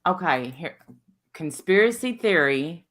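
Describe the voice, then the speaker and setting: A woman, co-hosting a livestream and chatting casually in a jokey, animated way. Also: on the low side, unhurried. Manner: animated, jokey, loud at times. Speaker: livestream co-host. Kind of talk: casual gossip chat.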